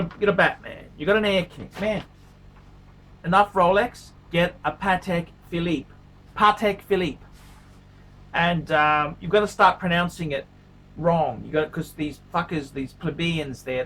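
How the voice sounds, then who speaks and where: This man reviews watches on his own vlog, chatting loosely and forcefully, saying things more than once, cracking crude jokes and slipping in pleading asides. His fairly high voice is a bit bright and moves at a normal speed over a faint hiss or hum.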